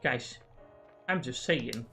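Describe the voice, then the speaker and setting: A man's voice: mid-range voice, slow, pushed and bright, faint music behind. A man streaming a game, chatting in a rambling, jokey way and swearing freely. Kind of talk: casual gaming livestream chat.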